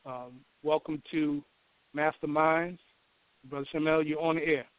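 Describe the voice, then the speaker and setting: A man hosting a call-in show, calm and hesitant, with frequent ums. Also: fairly high pitch, measured pace, no echo. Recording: thin phone-like line.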